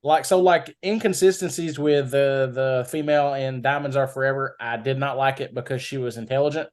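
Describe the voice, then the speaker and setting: A man's voice: mid-range voice, fairly even intonation, fairly quick. A man co-hosting a podcast in a laid-back, casual manner, giving frank opinions about film characters. His voice sits in the middle range.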